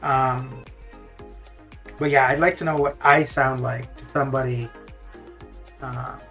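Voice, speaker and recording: A man's voice: medium pitch, fairly even intonation, slow, a bit bright, soft background music. A man chatting casually while streaming a game, rambling with lots of fillers and restarts. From Canada. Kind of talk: casual chat while gaming live.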